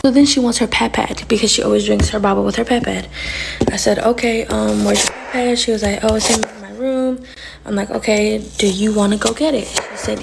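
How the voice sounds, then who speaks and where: A woman's voice: a little high, gravelly, background noise. A young woman telling casual storytime stories about her little sister, acting out the lines in her story as she goes.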